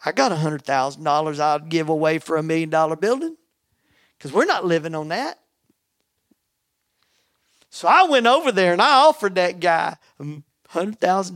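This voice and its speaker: High-voiced preacher, dry sound. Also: male voice, normal speed, pauses often, no room sound. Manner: storytelling with lively bursts and quoted dialogue. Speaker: pastor. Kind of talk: sermon.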